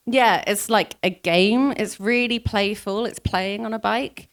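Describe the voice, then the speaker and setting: A woman's voice: medium pitch, normal speed, few pauses. A woman answering questions on a live panel, enthusiastic and playful, acting out little voices. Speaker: panel guest, mountain biker.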